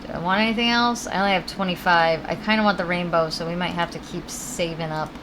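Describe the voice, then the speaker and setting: A woman's voice: lowish voice, steady tone, fast, background noise. A woman with a Connecticut accent, chatting casually and rambling while she plays a video game and answers her chat. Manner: chatty, rambling, reads chat aloud, swears now and then. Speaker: game streamer.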